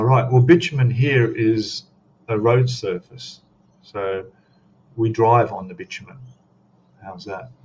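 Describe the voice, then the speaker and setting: A man's voice: fairly low pitch, a little mellow. A man with an Australian accent hosting a casual live stream, rambling easily and reading out chat messages as he goes. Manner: rambling, easygoing, reads chat aloud. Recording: dull lo-fi stream audio, faint noise.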